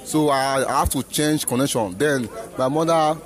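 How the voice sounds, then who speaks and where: A man's voice: medium pitch, normal speed. A Nigerian man with a Nigerian accent describing his migration journey in an interview, speaking earnestly and sometimes repeating himself. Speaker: returned migrant. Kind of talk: interview testimony. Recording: outdoor crowd noise behind.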